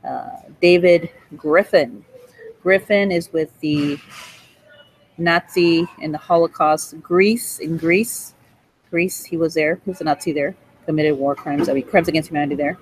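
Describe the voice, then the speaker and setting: A woman's voice: low-pitched, fairly even intonation, measured pace, a little hiss or hum, low-quality recording. A woman in her forties delivering a rambling, accusatory monologue, swearing and breaking into laughter, recorded in a hospital cafe. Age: 40s. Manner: rants with bursts of laughter and profanity.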